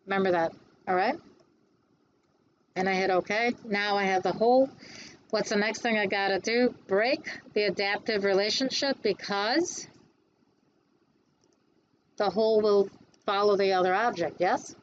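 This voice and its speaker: A woman's voice: mid-range voice, a little slow, pauses often, slight background noise. Chatty woman teaching a class, lo-fi. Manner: chatty, asks the class questions and answers them. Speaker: instructor. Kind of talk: classroom software lecture.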